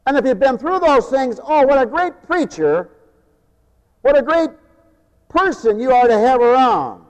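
A preacher with a fairly high voice delivers a sermon to his congregation, a little slowly and with big pitch swings. He moves from emphatic, rising phrases to quieter personal storytelling asides. The tape is dull and lo-fi, with long reverb from the hall.

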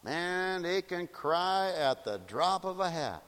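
A man preaching a sermon in an animated, mocking way, slipping into shrill wailing impressions. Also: takes it slowly, smooth, long reverb tail.

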